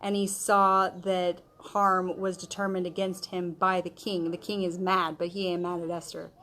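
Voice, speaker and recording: A woman's voice: lowish voice, level tone, normal speed, a bit bright. Woman, Bible study teacher, casual, storytelling, chatty, slangy asides. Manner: conversational storytelling, retelling scripture in modern slang; chatty, with frequent fillers like okay and um.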